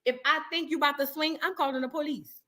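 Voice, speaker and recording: High, bright-voiced chatty woman. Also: fast. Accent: New York. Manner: chatty and animated, reading articles aloud and riffing with asides. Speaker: reaction show host. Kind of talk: casual reaction chat.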